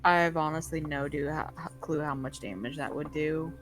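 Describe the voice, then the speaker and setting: Lower-voiced woman running a tabletop game. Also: moderate pace. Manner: relaxed, plain narration of rules and outcomes. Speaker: game master.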